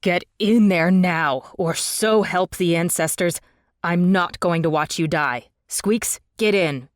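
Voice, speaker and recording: A woman's voice: low-pitched, little pitch movement, slow pace, fairly bright tone, smooth, no echo, clean studio sound, voice pushed down. A woman voicing a stern young man who barks orders in an audiobook. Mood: commanding.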